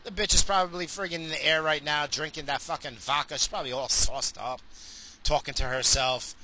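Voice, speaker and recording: A man's voice: a little high, fairly even intonation, brisk, pushed and bright. A man driving in his car, ranting in a crude, rambling way and swearing constantly into a phone. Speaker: vlogger. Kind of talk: profane rambling rant while driving.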